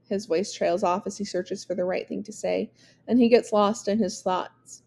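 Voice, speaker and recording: A woman reading a verse novel aloud in a measured, expressive way. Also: medium pitch, vocal fry. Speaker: reader.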